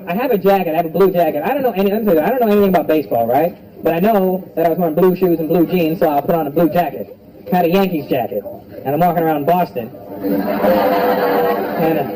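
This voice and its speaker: A man's voice: sits high, dark tone, poor audio. A man performing a stand-up comedy set in a comedy club, with loose, profane, mocking crowd work. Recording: live club recording with crowd. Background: audience laughing.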